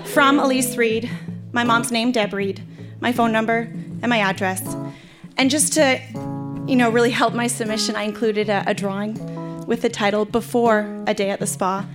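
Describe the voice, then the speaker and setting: Somewhat high-voiced woman, amused reading in a live club, guitar music behind. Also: fairly even intonation, moderate pace. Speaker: reader of her childhood letter.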